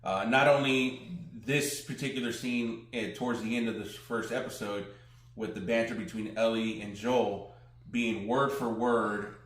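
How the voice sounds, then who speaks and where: A man speaks slightly slowly in a steady, lowish voice while co-hosting a casual podcast. He walks through a TV episode and loosely quotes its characters, all captured with a roomy echo.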